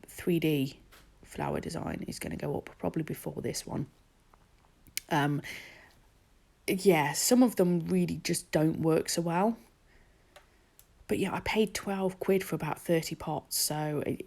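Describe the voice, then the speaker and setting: A woman's voice: sits low, vocal fry, a little mellow. A woman narrating her nail art tutorial, chatty and self-mocking with rambling asides. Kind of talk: casual voice-over tutorial.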